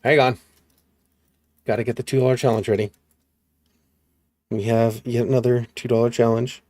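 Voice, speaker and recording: A man's voice: mid-range voice, flat delivery, moderate pace, darkish tone, no room sound. A man streaming games, chatting casually, swearing freely and laughing in disbelief. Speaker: gaming streamer.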